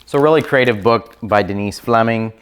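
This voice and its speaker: A man's voice: fairly low pitch, normal speed, a bit bright, clear, resonant tone. A man casually reviewing children's picture books on camera, chatty and enthusiastic, with plenty of ums and likes. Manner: chatty, filler-heavy, enthusiastic. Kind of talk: casual book review chat.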